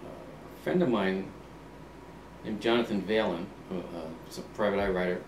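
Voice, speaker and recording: A man's voice: sits low, normal speed. Older man telling stories in a roomy space. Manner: recounts events by acting out past conversations, with frequent ums and restarts. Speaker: author being interviewed. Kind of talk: relaxed anecdotal storytelling. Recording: roomy, distant mic, faint ambient hum.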